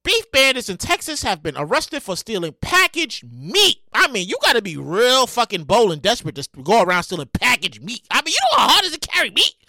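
A high-voiced woman riffs through the headlines of her comedy podcast, exasperated and animated. Her pitch leaps all over the place, and her tone is bright and cutting. The sound is close and dry. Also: fairly quick, hardly any pauses, no room sound. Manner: loud, exasperated and animated, with profanity and repeated phrases. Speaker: podcast host. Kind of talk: comedic news commentary.

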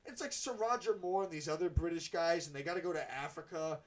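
A man's voice: fairly high pitch, fast talker. A man hosting a podcast, rambling and swearing as he retells a movie. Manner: rambling, swears a lot, acts out movie scenes in put-on voices. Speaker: podcast host. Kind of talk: casual chat.

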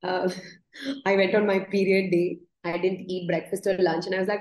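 A woman's voice: fairly low pitch, little pitch movement, normal speed, a little mellow. Earnest woman yoga teacher, echoey room. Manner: earnest, repeats words as she restarts, laughs while telling stories. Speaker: yoga teacher, podcast guest. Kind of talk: reflective interview storytelling.

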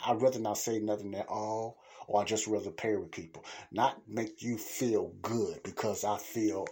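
Husky low-voiced man preaching bluntly. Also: darkish tone. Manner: blunt, conversational, colloquial, repeats points for emphasis. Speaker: host of a Christian podcast. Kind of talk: casual spoken preaching.

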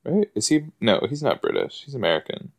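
A man giving casual, excitable commentary while watching an episode, chatty and full of fillers and gasps. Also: medium pitch, brisk, vocal fry. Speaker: podcast host reacting to an episode.

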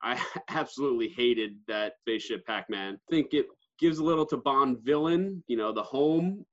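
A man's voice: mid-range voice, animated, normal speed, muffled recording. A man co-hosting a podcast in casual chat, talking things through and checking in with "right?". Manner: conversational, repeats "right?" to check in. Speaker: podcast co-host.

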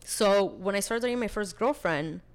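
A woman in her twenties, a podcast guest, telling her story in casual, chatty talk full of "like", lively and animated as she retells it. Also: mid-range voice, normal speed. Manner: chatty, peppers speech with "like".

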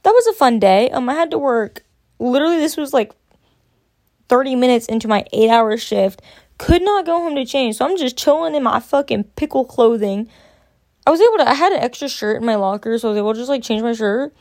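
A woman's voice: a little high, expressive, a little fast, darkish tone, dry recording, clean studio sound. A young woman telling rambling, profane work anecdotes in casual storytelling. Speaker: podcast host.

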